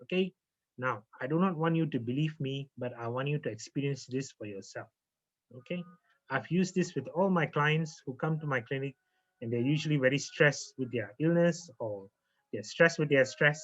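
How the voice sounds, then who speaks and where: A man teaching as a naturopath, guiding a slow, calm relaxation lesson and repeating phrases with frequent okays. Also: medium pitch. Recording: muffled lo-fi audio.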